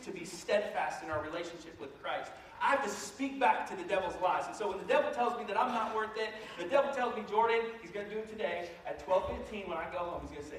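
A man preaching a sermon as a pastor, animated and joking, acting out voices as he goes. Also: high voice, a little hiss or hum. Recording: echoey hall, mic far off.

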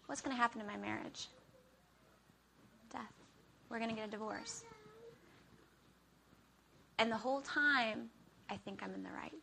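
A woman with a bright, forceful voice gives a chatty Bible teaching and speaks fairly high. She keeps checking in with her listeners with "okay?" and acts out little everyday scenes. She talks into a handheld mic. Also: a little hiss or hum.

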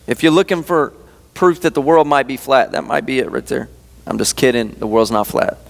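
A man's voice: mid-range voice, animated, a little fast, vocal fry. A man preaching a fired-up sermon, telling a story and talking straight to his listeners. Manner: fired-up preaching with folksy asides. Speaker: youth pastor. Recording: long reverb of a church hall.

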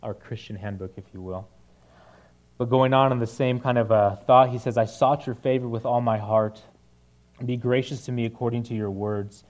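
A man's voice: mid-range voice, fairly even intonation, normal speed, darkish tone. A young man giving a casual, conversational sermon, with many fillers and frequent "right?" asides to the listeners. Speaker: preacher.

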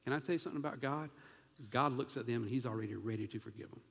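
A man preaching an animated sermon as pastor, asking his congregation questions as he goes. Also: medium pitch, very fast, vocal fry, long reverb tail.

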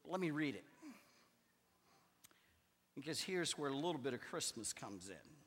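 A pastor preaching a sermon, with emphatic declarations that drop to hushed asides. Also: male voice, medium pitch, big pitch swings, unhurried, breathy edge. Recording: long hall reverb.

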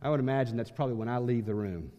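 A man preaching a sermon as pastor, emphatic, swinging from loud passages to hushed ones. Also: mid-range voice, rapid-fire, in a large hall.

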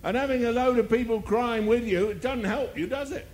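A man's voice: very high-pitched, brisk, a little mellow. A male preacher delivering a sermon, firing rhetorical questions and mocking asides.

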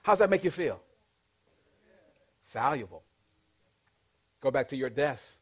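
A man teaching a leadership class, energetic and interactive, calling out questions and pushing the audience to answer back. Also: medium pitch, slow pace. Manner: energetic, call-and-response with the audience.

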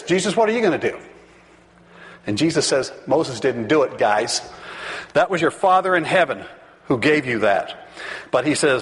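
A man preaching a sermon, reading scripture aloud and acting out the crowd's voices with animated asides. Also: on the high side. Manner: animated, reads scripture and acts out the crowd's questions. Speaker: pastor. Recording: long hall reverb.

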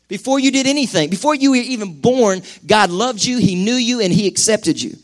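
Preaching to a congregation in the sanctuary, this middle-aged male pastor has a fairly high-pitched voice. He's energetic and animated, breaking now and then into brief acted-out asides.

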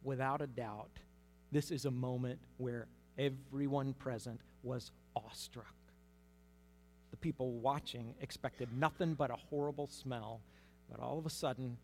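A man giving conversational Bible teaching, telling the story in a lively way with humorous asides. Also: mid-range voice, moderate pace. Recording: long hall reverb.

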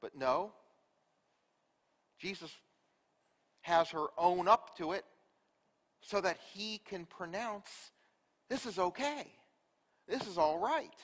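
A man preaching a sermon, telling a story with rhetorical questions and dropping from loud to quiet. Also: high voice, long reverb tail. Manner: storytelling, rhetorical questions, big swings in loudness.

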